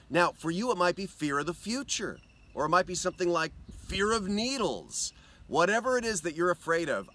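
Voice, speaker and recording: Guy doing a daily devo outside by a lake, bright voice, bounces up and down a lot, earnest and inviting. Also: on the high side. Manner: earnest, inviting, slows for quotes. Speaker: pastor. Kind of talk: devotional video talk. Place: outdoors on a lakeshore.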